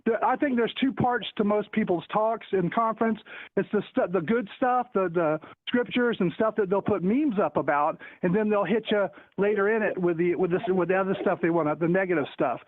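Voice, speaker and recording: A man's voice: high-pitched, brisk, no echo. Rambling man on a tinny phone line. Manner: rambling, stumbling restarts, joking. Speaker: caller. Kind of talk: casual call-in chat. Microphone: phone call.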